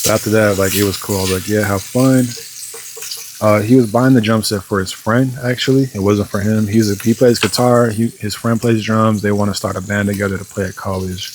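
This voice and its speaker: A young man with a lowish voice rambles through a story as he cooks at home, swearing freely and sounding fed up. Frying food and faint noise sit behind him in the kitchen. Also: steady tone, fairly quick. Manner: profane, exasperated storytelling with lots of fillers. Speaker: vlogger. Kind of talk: casual storytelling vlog while cooking.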